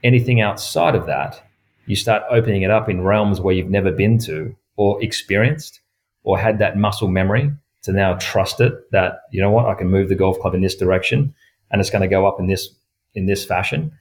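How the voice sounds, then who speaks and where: Laid-back man, lowish voice. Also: fairly quick, slight background noise. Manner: animated, acts out quoted dialogue, laughs often. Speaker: golf professional. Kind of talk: casual storytelling chat.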